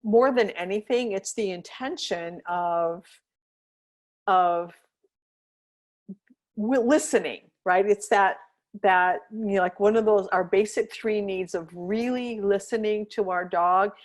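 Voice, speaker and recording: A woman hosting a podcast as a dog trainer, talking in a casual, chatty way and often checking in with "right?" while she patiently walks through examples. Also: medium pitch. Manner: chatty, checks in often with "right?" and "you know what I mean?"; earnest, explains patiently with step-by-step examples.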